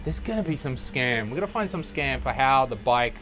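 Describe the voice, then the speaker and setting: A young male comedian rambles through a loose, sweary monologue at an ordinary middle pitch, now and then slipping into high mock voices. He records outdoors on a city balcony with a portable recorder. The sound is not studio quality, and faint music plays somewhere in the city behind him. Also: animated, fairly quick, fairly bright tone. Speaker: comedy podcast host.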